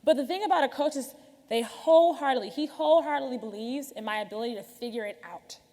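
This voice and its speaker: Delivering a chatty, candid keynote straight to her audience, this woman has a high, warm voice and talks fast. The recording captures the echo of a large conference hall.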